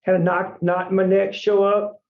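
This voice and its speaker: A man's voice: high-pitched, little pitch movement, normal speed. A man who runs a franchise company, guest on a podcast, telling his story in an earnest, rambling way and often saying "man". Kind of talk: casual storytelling interview. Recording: echoey room, dull lo-fi sound.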